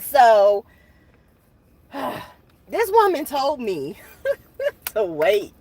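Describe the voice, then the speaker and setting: Casual vlog host, woman, animated and chatty, voice a touch high. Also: extremely slow, slightly rough. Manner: animated, laughs often, addresses viewers as y'all. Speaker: channel host. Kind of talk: casual chat to viewers.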